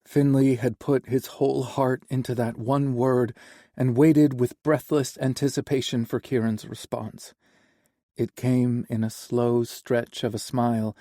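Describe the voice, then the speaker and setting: A male audiobook narrator with a warm, mellow voice reads a novel in an even, unhurried way. The sound is dry and close, with no room echo. His pitch sits in an ordinary middle range. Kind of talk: scripted narration.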